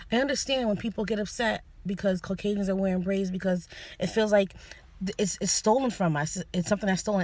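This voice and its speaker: Speaking at medium pitch with no room sound, a young vlogger gives an earnest personal opinion monologue to camera. She hesitates a lot, frequently starting over and saying sorry.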